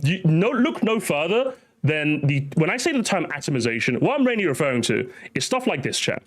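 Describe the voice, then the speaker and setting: A man streaming live, ranting animatedly and talking straight to his chat. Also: fairly high pitch.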